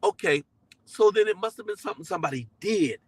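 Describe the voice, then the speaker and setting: A middle-aged male pastor preaching to his online congregation in a relaxed but emphatic style. His voice sits a little high for a man. He drives points home by repeating them. The sound is close and dry. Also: fast talker, slightly rough, dry recording, poor audio. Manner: conversational and emphatic, repeating key phrases; slips into voices when quoting people. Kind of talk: sermon-style teaching to a live online audience.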